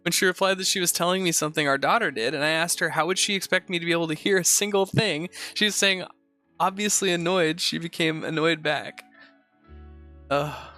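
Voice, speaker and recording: A man's voice: a little high, fairly quick, pushed and bright, soft background music. A man hosting a show, reading posts aloud and giving rambling, profane, sarcastic commentary in a casual chat style. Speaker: host.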